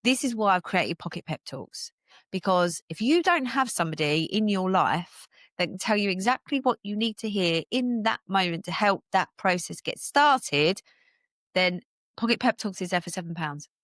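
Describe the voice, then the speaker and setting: An upbeat British woman coaches her listeners through a solo podcast, punchy and emphatic, with a middling pitch. The sound is dry and close, with no room around her voice. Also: moderate pace, no room sound. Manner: energetic, emphatic, motivational, laughs often. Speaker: podcast host and business coach.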